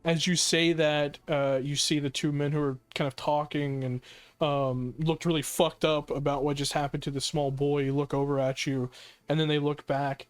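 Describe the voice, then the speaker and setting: Game master narrating with many ums. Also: male voice, on the high side, flat delivery, normal speed, smooth. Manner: uses many fillers, vivid narration.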